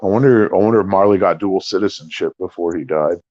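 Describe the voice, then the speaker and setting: A middle-aged man from the States talks casually as the host of a livestream, rambling and swearing freely. His voice sits low, and the sound is dry and a little dull, like lo-fi stream audio. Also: fast talker, a little mellow, no echo. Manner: loose, profane, rambling. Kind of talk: casual chat.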